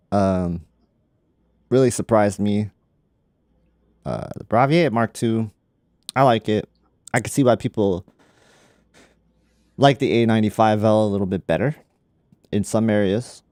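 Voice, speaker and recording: A man's voice: on the low side, a little mellow, dry recording, clean studio sound. A man hosting a casual tech livestream, laid-back and laughing often, with lots of "like" in his talk. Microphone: studio microphone.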